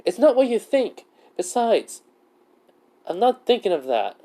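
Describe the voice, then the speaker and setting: A man's voice: mid-range voice, a little fast, darkish tone, close to an everyday voice. A man voicing a shy, flustered young female adventurer in a fan story.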